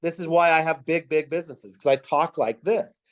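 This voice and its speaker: The audio is poor as this team leader delivers a sales pep talk on a video call, his voice a little high with fairly even intonation and a moderate pace. He relies on emphatic, punchy rhetorical questions and deliberate repetition.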